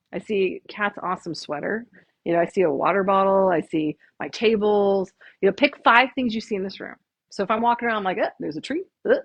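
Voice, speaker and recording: A young woman chiropractor runs a lively workshop in a small room, talking casually and counting her audience through breaths. Her voice is a touch husky. The recording is dry and somewhat muffled. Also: medium pitch, dry recording. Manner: chatty and upbeat, guiding breathing counts. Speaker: chiropractor leading a stress workshop. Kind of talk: live workshop talk.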